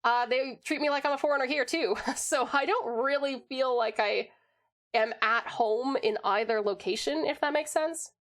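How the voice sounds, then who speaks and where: A woman's voice: sits high, normal speed, a bit bright. Woman, American accent, casual stream chat, chatty, frequent laughs. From United States. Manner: chatty, rambling, laughs often, answers chat. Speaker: livestreamer.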